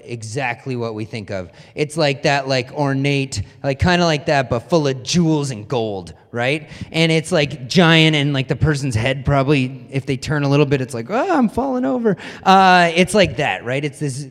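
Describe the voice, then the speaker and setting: A young man giving a casual, self-deprecating sermon as pastor, telling a personal story with lots of fillers and restarts. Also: a little high. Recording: long reverb of a hall.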